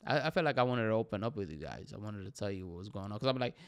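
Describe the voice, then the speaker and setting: A man's voice: fairly low pitch, expressive, very fast. A man in his thirties, a comedian hosting his own podcast, talking candidly and in a rambling, reflective way about how he feels. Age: 30s. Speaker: podcast host and stand-up comedian. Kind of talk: candid solo podcast monologue.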